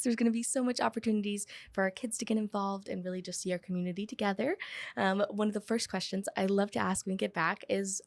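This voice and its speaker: A woman's voice: medium pitch, steady tone, fast, gravelly. A woman hosting a casual local live show, upbeat and effusive. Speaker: host.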